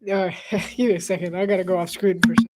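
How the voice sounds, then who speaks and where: A woman's voice: fairly low pitch, fairly even intonation, very fast, heavy background noise. A congested woman giving casual live game commentary, chatty and rambling, laughing often. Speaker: sports commentator.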